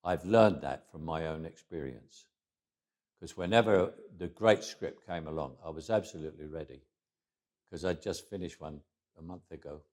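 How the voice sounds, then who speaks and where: An older Englishman with a London accent tells stories in a relaxed interview. His voice sits very low, and he talks in a wry, anecdotal way, often stopping to restart a phrase before slipping into quoted dialogue. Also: normal speed. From England. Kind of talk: casual interview storytelling.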